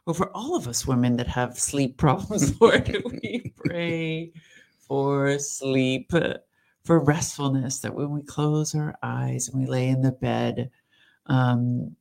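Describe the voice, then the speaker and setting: A woman's voice: rumbling low, creaky, mellow. Laughing, teasing woman co-host. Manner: laughs often, teasing, then earnest in prayer. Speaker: podcast co-host. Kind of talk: casual chat and spoken prayer.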